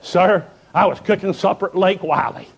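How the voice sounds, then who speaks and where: A man's voice: sits high, moderate pace, husky. A man voicing an anxious, praying middle-aged mother who speaks in an urgent, pleading way.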